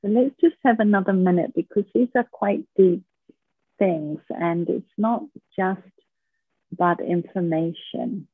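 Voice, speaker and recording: A woman teaches a stress workshop in a slow, unhurried way. Her voice is husky and a little low. The sound comes thin and phone-like, as if over a call. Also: no room sound. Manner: calm, patient, often checks in with "right?". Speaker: workshop speaker. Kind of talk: slow, gentle talk on managing stress. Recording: tinny phone-like line.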